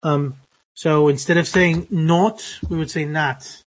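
A man's voice: a little high, fairly even intonation, normal speed. Hesitant male phonetics teacher. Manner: hesitant, many fillers and restarts. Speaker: pronunciation teacher. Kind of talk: live phonetics lesson.

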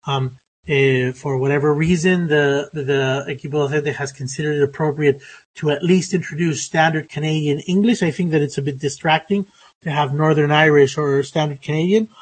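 Male lecturer, slightly high voice, stop-start delivery full of ums, teaching phonetics over a desk mic. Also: husky, poor audio. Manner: halting, many fillers and restarts. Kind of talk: recorded online lecture.

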